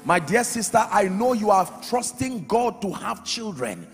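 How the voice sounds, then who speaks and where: A man preaching a sermon as pastor, emphatic, swinging from loud shouts to quiet drops. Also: sits high, very animated, a little slow. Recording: reverberant hall with faint music.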